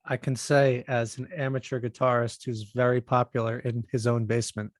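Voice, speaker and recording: A man's voice: medium pitch, flat delivery, moderate pace, no echo, clean studio sound. A man co-hosting a podcast in casual, upbeat chat, with a self-joking manner. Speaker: podcast co-host.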